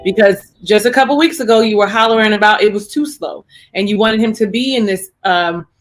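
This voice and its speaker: A woman's voice: medium pitch, brisk. A woman co-hosting a podcast, chatting casually about a reality show and acting out quotes as she talks. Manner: chatty, animated, acts out quotes. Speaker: podcast co-host.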